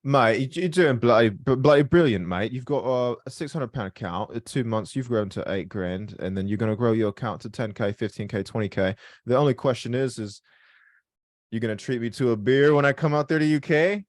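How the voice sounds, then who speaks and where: A man's voice: mid-range voice, a little fast, no echo, pitched above the performer's own voice, lightly acted. A man putting on a clumsy British bloke. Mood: teasing. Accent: put-on British. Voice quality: exaggerated slangy banter, clumsy accent. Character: mock British bloke, cheeky and boastful.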